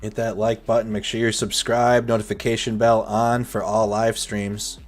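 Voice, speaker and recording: A man hosting a nightly war update live stream, commenting over footage in a casual, energetic, chatty way. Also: lowish voice, normal speed, soft background music.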